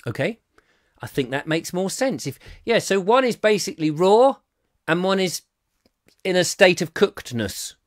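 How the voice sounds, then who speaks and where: A man hosting a comic live chat show, rambling jokily and reading out viewer comments, swinging between loud bursts and mumbled asides. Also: high-pitched, very animated, normal speed, no echo, studio quality.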